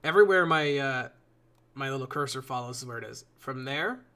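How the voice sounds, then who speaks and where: Bright-voiced casual male streamer. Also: mid-range voice, brisk. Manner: rambling, casual swearing, chats to viewers. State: yawning a lot. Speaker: live streamer. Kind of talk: casual live-stream commentary while building.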